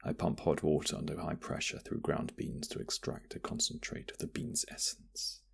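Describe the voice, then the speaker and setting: A man playing a husky, gravelly flirty barista in whispered role-play. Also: a bass voice, huge pitch swings, moderate pace, exaggerated voice. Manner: flirty, teasing, soft-spoken. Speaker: ASMR roleplay voice actor.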